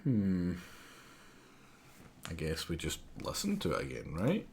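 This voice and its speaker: A man streaming live, muttering to himself as he reasons through a puzzle game, with sudden bursts of excitement. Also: sits low, unhurried, a little hiss or hum. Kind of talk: live gameplay commentary.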